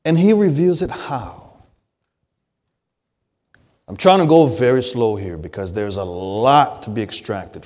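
A male pastor preaching a sermon, swinging between loud emphasis and hushed, low phrases. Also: sing-song, measured pace, pauses often. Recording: long hall reverb.

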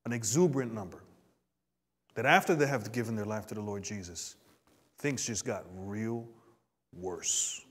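A man preaching a sermon to a congregation. He swings between quiet asides and emphatic rises, and calls out for responses. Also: on the low side, measured pace, pauses often, breathy edge. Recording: long hall reverb.

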